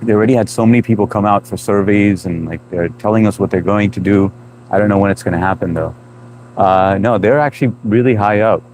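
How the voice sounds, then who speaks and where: A man hosting a casual livestream outdoors, chatting and reading comments in a relaxed, laughing way, with an accent that blends Indian and New England. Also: lowish voice, fairly quick, a little hiss or hum, low-quality recording. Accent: mix of Indian and New England. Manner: relaxed, chatty, laughs often, trails off in restarts. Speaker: livestream host. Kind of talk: casual live-stream chat reading comments.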